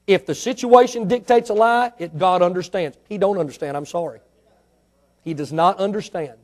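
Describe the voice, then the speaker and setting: A man preaching a sermon with fervor, firing rhetorical questions at the congregation and swinging between soft and loud delivery. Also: high-pitched, normal speed.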